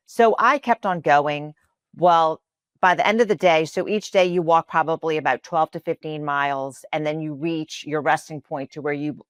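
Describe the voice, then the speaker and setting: A woman's voice: low-pitched, dry recording, studio quality. A woman from New Orleans whose first language is Spanish, telling an earnest personal faith story as a podcast guest, with many fillers. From New Orleans, USA.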